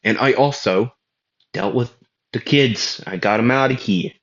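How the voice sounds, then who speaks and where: A man's voice: mid-range voice, a little slow, fairly bright tone, lightly acted. Man voicing a brusque nun, New York accent, matter-of-fact, dull lo-fi recording. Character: brisk no-nonsense nun, a woman.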